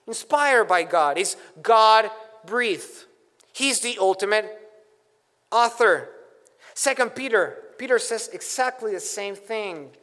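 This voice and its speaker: A man with a high voice preaches slowly and deliberately, leaning hard on key words as he works through scripture. His voice rings out with a long reverb, as if in a large hall. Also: a bit bright. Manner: deliberate, emphatic teaching with scripture quotes. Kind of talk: expository sermon.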